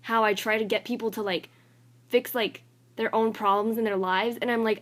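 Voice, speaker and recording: A woman's voice: a little high, steady tone, moderate pace, fairly bright tone. A young woman, a college student, venting to her phone camera in a casual vlog, rambling and filling nearly every phrase with "like". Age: young adult. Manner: rambling, filler-heavy, says "like" constantly; annoyed and exasperated.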